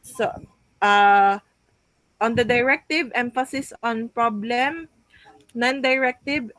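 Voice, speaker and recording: A woman's voice: a little high, takes it slowly, fairly bright tone, no room sound, low-quality recording. A young woman giving a class report, hesitant, with frequent fillers and restarts as she reads out points. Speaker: student presenting a class report.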